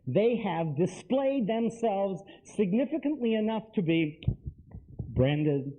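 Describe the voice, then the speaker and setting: Give me an emphatic man lecturing an audience, with a lo-fi tinny recording. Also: fairly high pitch. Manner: emphatic, talks straight to the audience with repeated phrases.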